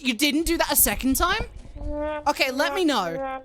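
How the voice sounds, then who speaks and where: A young adult woman streaming live, chatting casually, swearing freely and squealing loudly when thanking donors. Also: high voice, very animated, normal speed, music in the background.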